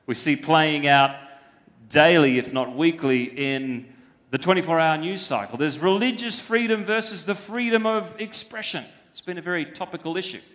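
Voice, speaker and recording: Pastor, man, high-pitched, emphatic preaching style, long church-hall reverb. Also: normal speed, fairly bright tone. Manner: emphatic, uses rhetorical questions. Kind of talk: sermon.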